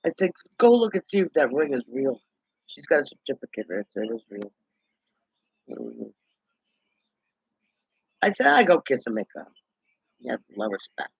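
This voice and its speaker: A man's voice: medium pitch, big pitch swings, moderate pace, vocal fry, long pauses, husky, dry recording. A man in a rambling, indignant gossip monologue, talking to himself. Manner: chatty, indignant, talks to himself. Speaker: vlogger. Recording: dull lo-fi dry recording.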